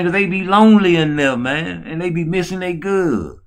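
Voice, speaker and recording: A man speaks in a slangy street voice, dropping low and rushing through his casual chat as he hosts a show. Between stories he croons slow love songs, his voice lifting high and drawing out the words. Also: fairly bright tone. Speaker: show host.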